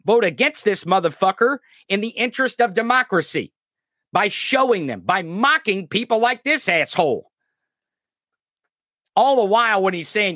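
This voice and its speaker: A man's voice: sits high, lively intonation, moderate pace, pushed and bright, dry recording, studio quality. A man hosting a podcast, ranting in angry, profane and sarcastic political commentary. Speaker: podcast host.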